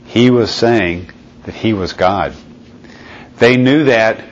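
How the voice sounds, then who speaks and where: A man's voice: on the low side, takes it slowly, a little hiss or hum. A man preaching a Bible teaching sermon, speaking conversationally and often checking in with "okay?" and "right?". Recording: slightly dull lo-fi recording.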